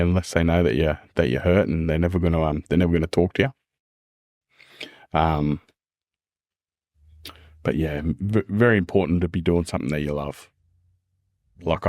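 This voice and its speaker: A man's voice: a bass voice, darkish tone, no room sound, studio quality. An Australian man talking earnestly and candidly as a podcast guest, repeating phrases and calling the listener "man" and "mate". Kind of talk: candid casual conversation.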